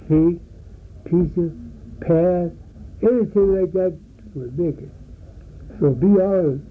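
A man's voice: a little high, mellow, rough recording. An older man, telling folksy stories in a rambling way for an oral history interview. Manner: rambling, folksy, acts out voices in his stories.

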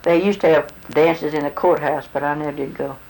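Older woman interviewee, plain and unhurried, light hiss in the background. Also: sits low, steady tone, creaky, darkish tone, rough recording. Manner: plain, short answers with hesitant restarts. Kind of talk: casual recollection.

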